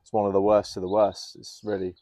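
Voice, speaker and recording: A young man, a fitness coach guest, chatting casually outdoors in a garden on a podcast and telling candid, animated stories. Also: on the low side, fairly quick, dry recording, clean studio sound. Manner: candid, animated storyteller who laughs easily.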